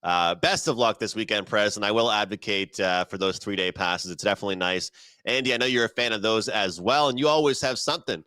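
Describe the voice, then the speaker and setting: A man with a bright, forceful voice hosts a sports betting show. His sound is close and dry, and he moves briskly from pick to pick with upbeat energy. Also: on the low side, no echo.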